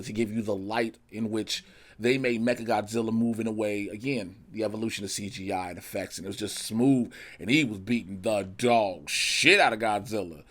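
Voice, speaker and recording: A man giving a casual movie review in animated, profane, slangy talk. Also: lowish voice.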